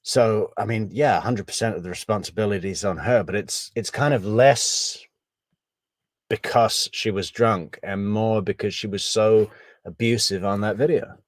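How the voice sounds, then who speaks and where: A man giving casual, analytical true crime commentary, measured and thinking aloud, with wry asides. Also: on the low side, no echo.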